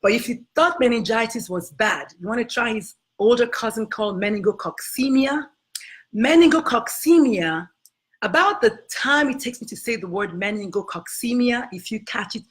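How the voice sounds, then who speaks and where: A woman doctor with an accent hosting a live health stream, talking to viewers in an emphatic, motherly way and calling them honey and baby. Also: on the high side. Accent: non-American accent.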